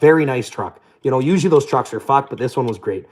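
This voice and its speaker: A man's voice: mid-range voice, fast, darkish tone. A young man telling profane, boastful stories in a casual rant.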